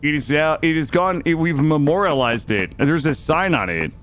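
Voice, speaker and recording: A man streaming a survival game live, chatting with viewers in an excitable, jokey way and arguing his case to chat. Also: fairly high pitch, normal speed, faint music behind. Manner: excitable, jokey, defensive with chat, yelps and laughs. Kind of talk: live gameplay commentary.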